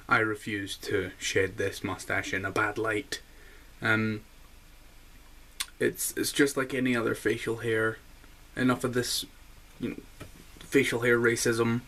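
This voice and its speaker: A man giving a rambling, deadpan comic monologue with lots of hesitations. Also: lowish voice, a little slow, long pauses. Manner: deadpan, rambling, many fillers. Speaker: comedy vlogger.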